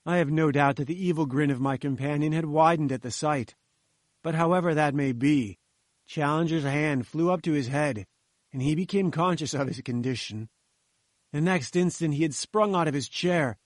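A man narrates an audiobook at a measured storytelling pace. His voice sits a little high. The recording is dry and close. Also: dry recording.

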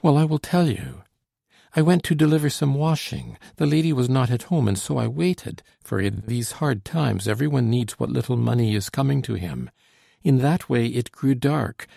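A man voicing a frightened, quick-witted young woman who pleads politely with soldiers, in a trembling manner. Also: medium pitch, creaky, dark tone, no echo, studio quality. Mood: pleading.

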